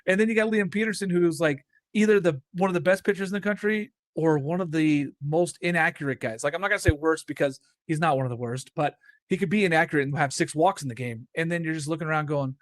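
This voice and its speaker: A man's voice: fairly high pitch, fairly quick, no echo. Upbeat man with a dry, close sound. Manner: animated, laughs often, acts out quoted reactions. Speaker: co-host of a college baseball show. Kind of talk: casual sports chat.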